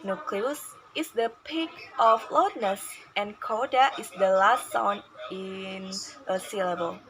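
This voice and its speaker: A woman student giving a class presentation, reading out definitions and examples in a measured, explanatory way. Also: mid-range voice, over music, rough recording.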